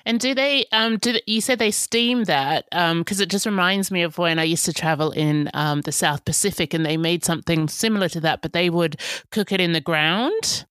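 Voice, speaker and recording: A woman's voice: fairly low pitch, normal speed, a bit bright, clean tone, dry recording, clean studio sound. A woman with an Australian accent hosting a podcast interview, friendly and a bit hesitant with many ums. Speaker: podcast host. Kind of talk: casual interview chat.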